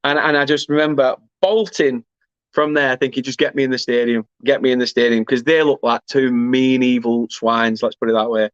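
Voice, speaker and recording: A man's voice: mid-range voice, steady tone, moderate pace, clean tone, dry recording, muffled recording. A man hosts a football fan watchalong, reading viewer comments aloud and chatting casually in a rambling, self-deprecating way.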